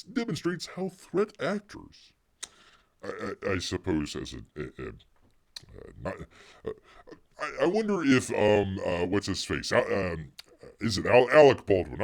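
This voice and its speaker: Middle-aged male stream host, deep voice swinging widely in pitch, sarcastic and rambling. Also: gravelly. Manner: sarcastic, refers to himself in third person; rambling with many fillers and restarts. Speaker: livestream host. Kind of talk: casual livestream chat.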